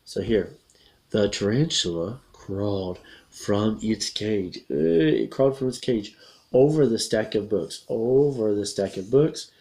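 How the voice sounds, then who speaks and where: A man teaching English grammar, reading a picture book aloud slowly and breaking off to explain and correct himself. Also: lowish voice, a little mellow. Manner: reads slowly with self-corrections and asides. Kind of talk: casual read-aloud lesson.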